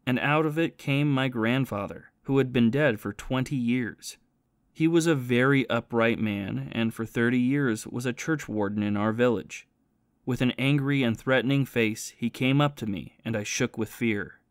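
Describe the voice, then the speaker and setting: A man's voice: medium pitch, no room sound, clean studio sound, natural voice. A man voicing a remorseful former soldier and thief who confesses his past in a plain storytelling manner.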